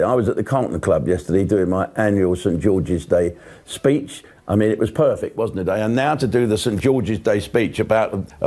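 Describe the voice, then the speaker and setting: A man's voice: fairly low pitch, a little mellow. A man delivering a sweary, sarcastic political rant, blunt and mocking, with crude asides. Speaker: political commentator.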